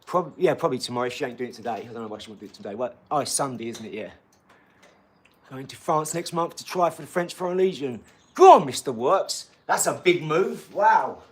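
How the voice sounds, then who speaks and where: A man chats to his live-stream audience in a loose, slangy way, calling out to viewers as he goes. His voice sits a little higher than most men's. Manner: chatty and slangy, talking straight to the chat. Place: garage gym.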